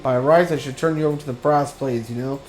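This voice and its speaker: A man's voice: mid-range voice, fast talker, a little mellow, faint music behind, close to an everyday voice. A man voicing a greedy, bullying merchant who sneers and threatens a poor man. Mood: menacing.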